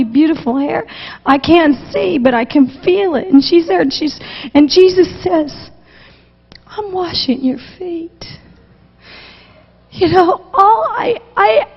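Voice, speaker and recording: A woman's voice: sits high, creaky. A woman missionary preacher giving an emotional testimony sermon, passionate and repetitive, close to tears at times. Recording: dull recording with long hall reverb.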